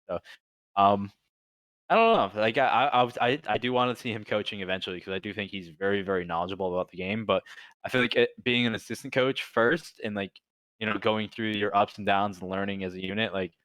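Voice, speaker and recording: A man's voice: on the low side, fairly bright tone, no echo. A young man co-hosting a casual esports podcast, hesitant and often repeating his words. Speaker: podcast co-host. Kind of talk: casual esports talk show chat.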